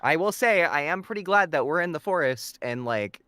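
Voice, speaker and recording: A man playing a tabletop game on stream, reacting excitably and stammering as he talks. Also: fairly high pitch, moderate pace, no room sound. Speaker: player. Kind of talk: casual tabletop game chat.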